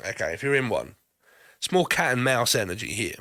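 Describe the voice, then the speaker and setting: A man talks his way through a tarot reading, jumping from card to card. He swears freely and laughs between his thoughts, at an ordinary middle pitch. The sound is dry and close, with no room echo. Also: sing-song, a little fast, pushed and bright. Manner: rambling, swears often, laughs between phrases. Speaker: tarot reader.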